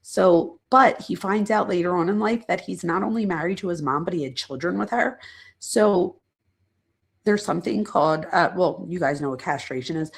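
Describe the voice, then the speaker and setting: Speaking at normal speed with a lowish, slightly husky voice roughened by fry, a middle-aged psychologist and true crime channel host delivers a casual livestream lecture. She's chatty and rambling, explaining ideas, addressing her chat viewers directly and tossing in self-deprecating asides.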